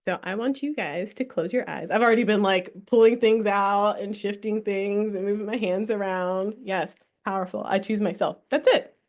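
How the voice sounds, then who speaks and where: A woman's voice: mid-range voice, normal speed, hardly any pauses. A young woman hosting a spiritual workshop, talking casually, laughing often and swearing freely as she leads a breathing exercise. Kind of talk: casual live workshop talk with guided breathing.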